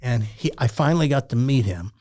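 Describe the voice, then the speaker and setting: Here a former radio talk host, an older Southern-accented man from Tennessee, sits for a storytelling interview and shares folksy anecdotes. He speaks fairly quickly in a mid-range voice, animated and down-home in manner.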